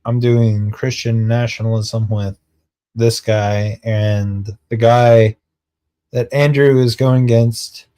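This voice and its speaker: A man streaming, telling a rambling casual story and acting out his friends' lines in quick quotes, laughing and swearing now and then. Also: medium pitch, fairly even intonation, mellow.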